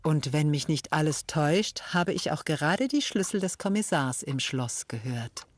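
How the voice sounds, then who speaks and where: A low-voiced, teasing landlady from 1899 for a detective game. She scolds gently and playfully, keeping her tone deep and settled. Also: lively intonation, normal speed, no echo. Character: teasing middle-aged German landlady, 1899. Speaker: game character.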